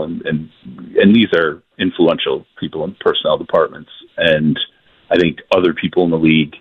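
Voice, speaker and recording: Low husky man, rambling reporter. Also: no room sound. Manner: rambling, laughs while retelling. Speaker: football reporter. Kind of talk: casual sports interview. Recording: dull lo-fi sound.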